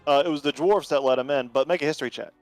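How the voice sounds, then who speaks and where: A man's voice: a little high, very fast, dry recording. A man narrating as game master in a tabletop game, talking casually with many fillers and restarts, with faint music behind.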